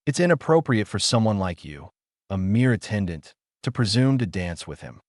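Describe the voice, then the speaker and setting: A man's voice: lowish voice, big pitch swings, moderate pace, dry recording, studio quality. A man reading the lines of a haughty, scornful young noblewoman in a condescending tone.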